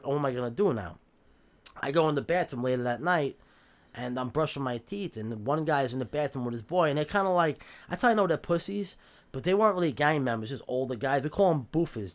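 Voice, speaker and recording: A man with a New York accent telling jail stories on a podcast in a casual, streetwise way, swearing freely and acting out the voices he quotes. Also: medium pitch. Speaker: podcast guest. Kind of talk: casual storytelling.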